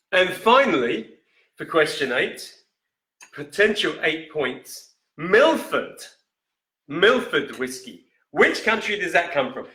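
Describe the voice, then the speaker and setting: A man hosting a live-stream whisky quiz in a casual, chatty way, reading each question slowly and repeating it. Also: on the high side, pushed and bright. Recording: echoey room.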